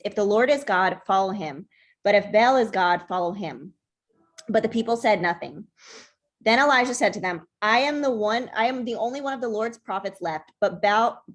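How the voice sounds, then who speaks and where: A young woman leading a Bible study group, reading a scripture passage aloud in a plain voice and stumbling over unfamiliar names. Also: a little high.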